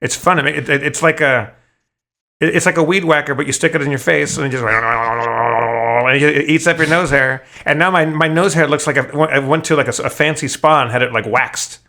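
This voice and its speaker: Profane, animated storytelling man. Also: a little high, quick pace. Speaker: podcast co-host. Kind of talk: casual chat.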